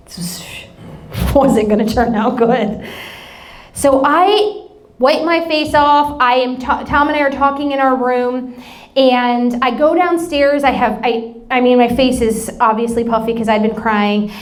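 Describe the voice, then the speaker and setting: A woman's voice: fairly high pitch, a little slow. A woman in her thirties preaching a sermon, telling personal stories in a candid, emotional, self-deprecating way. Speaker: pastor.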